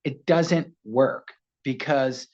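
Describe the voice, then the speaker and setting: An American man, an actor, telling animated anecdotes as a guest, slipping into voices as he goes. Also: medium pitch, drawn-out words, lo-fi sound. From United States. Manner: animated storyteller, slips into voices. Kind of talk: casual interview anecdote.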